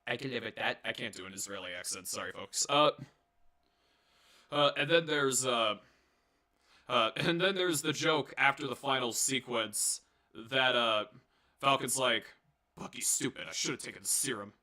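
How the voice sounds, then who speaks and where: A man's voice: mid-range voice, normal speed, pauses often, pushed and bright. A young man giving a casual, rambling movie review, swearing and joking with lots of fillers and restarts. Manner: rambling, profane, jokey, many fillers and restarts.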